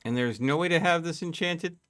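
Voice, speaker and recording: A man's voice: fairly high pitch, fairly bright tone. A man on a live game stream, chatting casually and thinking aloud as he plays. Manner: slow, thinking aloud while playing. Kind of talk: casual live gameplay chat.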